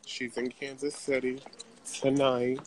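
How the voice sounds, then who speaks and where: A man's voice: mid-range voice, monotone, unhurried, a little mellow, a little hiss or hum. A man, a drag performer, chatting casually and sassily to viewers on a live stream while shopping in a large craft store, talking into a handheld phone. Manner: chatty, sassy, addresses viewers as y'all.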